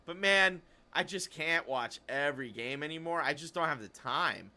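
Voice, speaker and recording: Bright-voiced man hosting a gaming podcast. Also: on the high side, animated, moderate pace. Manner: rambling, self-interrupting, chatty. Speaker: podcast host. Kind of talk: casual esports podcast chat.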